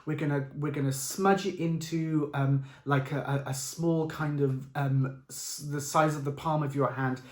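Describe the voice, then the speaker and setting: A man who describes a painting as if it were a recipe, playful and excitable, with many fillers and restarts. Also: fairly high pitch, a little slow, few pauses, roomy sound. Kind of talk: improvised audio description.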